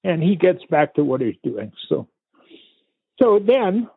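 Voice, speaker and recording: A man's voice: high voice, big pitch swings, creaky, slightly rough, dry recording. Older man telling a story over a tinny line. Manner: unhurried, vivid storytelling with pauses and restarts. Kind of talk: recounting a family story in conversation. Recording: tinny phone-like line, dry.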